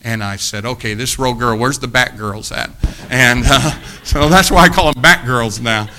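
A man preaching, telling a long story about himself in an animated, self-mocking way, acting out the quotes. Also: medium pitch, normal speed, slight background noise. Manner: animated anecdote with acted quotes, laughing at himself. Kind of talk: storytelling sermon.

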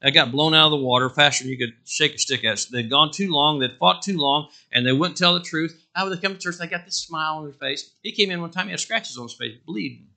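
A male pastor preaching a sermon, swinging from loud declarations to hushed asides and acting out quotes. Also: on the high side, fast, vocal fry, hardly any pauses.

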